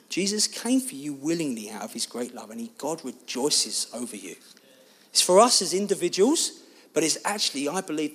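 A man preaching a sermon, telling a personal story in an animated, expressive way. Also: on the high side, slightly rough.

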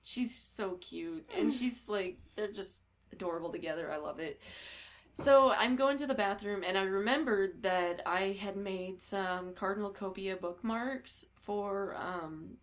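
A woman's voice: mid-range voice, measured pace. A woman in her thirties telling a long story in a casual podcast chat, a little hungover, acting out what people said and laughing often. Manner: animated storyteller, acts out quotes, laughs often.

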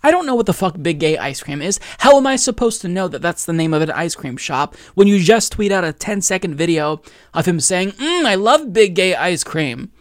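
A man's voice: sits high, expressive, fairly quick, no echo, clean studio sound. Sarcastic, profane male podcast host. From Oregon, USA. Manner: profane, sarcastic, laughing often. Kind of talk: casual political commentary.

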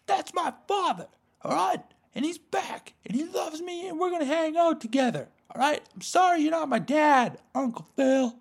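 A man impersonating a hurt, defiant teenage boy who speaks in a strained, high-pitched, emotional way. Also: lively intonation, normal speed, creaky, full character voice. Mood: pleading.

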